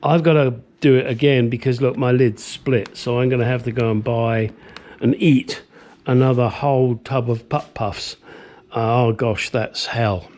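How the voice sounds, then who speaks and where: A man's voice: medium pitch, little pitch movement, normal speed, darkish tone. Retired-sounding older man, casual workshop vlogger, blunt and chatty, goes off on tangents. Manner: chatty, blunt, rambling asides. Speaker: home mechanic restoring a car. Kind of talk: casual workshop vlog narration.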